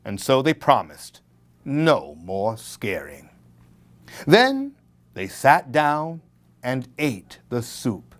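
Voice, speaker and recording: A male children's librarian reading a Halloween story aloud. He reads slowly and deliberately, drawing out words, and his voice rises and falls dramatically from line to line. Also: medium pitch, huge pitch swings.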